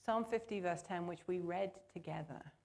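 A woman gives a sermon in church, earnest and conversational in tone. Her voice sits a little low, and she pulls the congregation in as she talks. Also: normal speed, vocal fry, darkish tone. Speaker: preacher.

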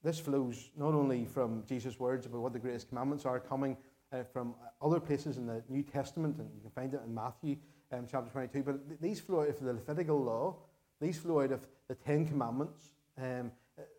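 A man's voice: mid-range voice, mellow. Earnest Northern Irish male preacher. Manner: earnest, measured, repeats key phrases for emphasis. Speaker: pastor. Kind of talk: sermon.

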